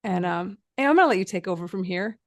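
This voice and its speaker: A woman's voice: fairly low pitch, expressive, quick pace, no room sound, clean studio sound. A woman hosting a podcast, chatting casually and playfully with frequent laughter. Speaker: podcast host. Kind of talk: casual interview chat.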